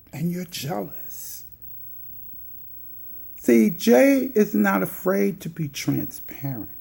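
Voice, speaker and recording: Slow, gravelly woman vlogger. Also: low-pitched, mellow. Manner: sassy, scolding, teasing. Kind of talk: calling out another vlogger.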